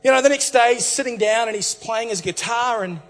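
A man preaching, retelling a story in a playful, animated way with many restarts. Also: very high voice, brisk. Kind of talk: humorous sermon storytelling. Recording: reverberant hall, faint music.

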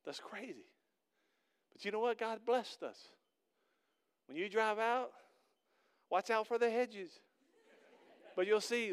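High-voiced earnest preaching man. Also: smooth. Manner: earnest, conversational preaching that builds to loud emphatic peaks. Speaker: pastor. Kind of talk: sermon.

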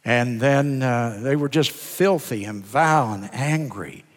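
An older man, a pastor of many years, preaching a sermon in an earnest, deliberate way, drawing out words for emphasis. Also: medium pitch. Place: church sanctuary. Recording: sermon in a reverberant church sanctuary.

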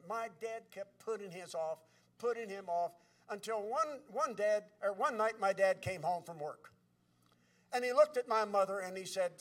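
High-voiced preacher, distant mic. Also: male voice. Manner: halting, with frequent "uh"s and restarts; swings between soft and loud. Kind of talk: sermon storytelling.

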